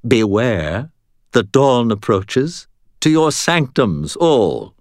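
A man reading an audiobook and voicing a cold, contemptuous female ghost, a body-stealing sorceress who speaks with calm, matter-of-fact menace. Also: low voice, slow, no room sound, studio quality, full character voice. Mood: commanding.

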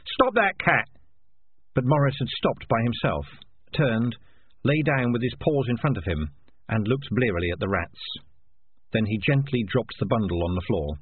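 Man narrating a storybook, husky and lively, tinny phone-line quality. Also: lowish voice, moderate pace. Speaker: audiobook narrator. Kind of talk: scripted narration.

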